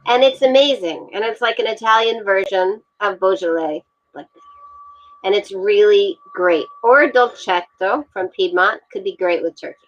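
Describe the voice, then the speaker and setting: A woman guest on a video call talking about wine with a relaxed, enthusiastic manner and frequent fillers. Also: mid-range voice, normal speed, lo-fi sound. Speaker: guest, wine communications expert. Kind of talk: casual interview over video call.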